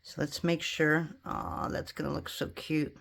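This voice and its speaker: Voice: mid-range voice, flat delivery, measured pace, gravelly, fairly bright tone. A polymer clay crafter in a home studio, casually thinking aloud and chatting to viewers while working.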